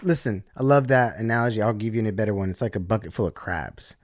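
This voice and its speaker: Blunt, profane man with a low voice. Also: fast, no echo. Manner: blunt, profane, heavy use of "like". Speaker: podcast guest. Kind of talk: casual storytelling.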